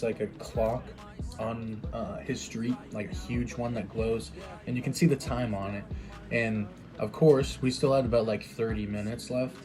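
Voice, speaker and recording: Young guy telling a story, rambly, mellow voice, bit of music in the back. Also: medium pitch. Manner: rambling, quick asides and restarts. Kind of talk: casual storytime monologue.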